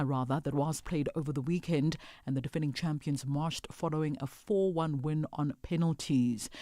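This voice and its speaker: A man reading a scripted sports bulletin in a brisk, formal manner. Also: a little high, a little mellow, no room sound, studio quality. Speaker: sports news reader.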